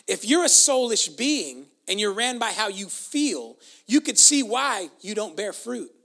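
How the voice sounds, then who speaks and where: A pastor delivering a lively sermon, with a voice that leaps up on emphasis and drops low for quiet asides. The tone is bright and forceful. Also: a little slow, creaky.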